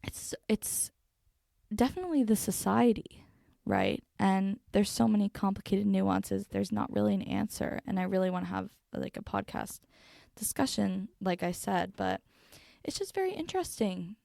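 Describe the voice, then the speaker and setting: A young woman talks earnestly into a close microphone, working through her thoughts with plenty of "um"s and restarts. Her voice has a gravelly, fried edge and sits at an ordinary pitch. The sound is dry and close, with almost no room around it. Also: expressive, normal speed, warm tone, no echo. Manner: earnest, thinking aloud with many fillers and restarts. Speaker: podcast host. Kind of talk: reflective solo podcast talk. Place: sitting in a chair at a microphone. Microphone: studio microphone, close.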